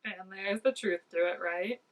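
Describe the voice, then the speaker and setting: A woman giving casual, excitable reaction commentary, full of "like" and dropping into soft asides. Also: medium pitch, unhurried, distant mic, rough recording. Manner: chatty and excitable, peppered with "like", drops to soft asides. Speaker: reaction video host.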